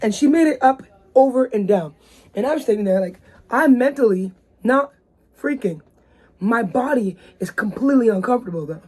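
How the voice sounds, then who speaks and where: A woman's voice: on the high side, lively intonation, moderate pace, a little mellow, husky. A woman hosting her own vlog, talking casually and rambling from a bedroom with lots of fillers. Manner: rambling, chatty, many fillers. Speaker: vlogger host. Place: bedroom indoors.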